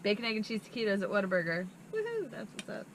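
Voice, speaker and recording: A woman's voice: mid-range voice, big pitch swings, fast talker, a little hiss or hum, rough recording. A young woman hosting a casual vlog chat, bubbly and giggly. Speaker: vlog host. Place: outdoors at a fairground campsite.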